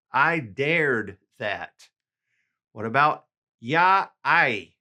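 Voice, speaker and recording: A man teaching a language lesson, reading out examples slowly and carefully and then translating them. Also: mid-range voice, big pitch swings, sharp tone. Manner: slow, careful enunciation of examples. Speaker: language tutor.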